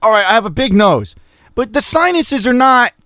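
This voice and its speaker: A man's voice: extremely high pitch, big pitch swings, normal speed, sharp tone, dry recording, studio quality. A man hosting a casual radio show, reading listener messages with crude, mocking, profane banter while sneezing through an allergy attack.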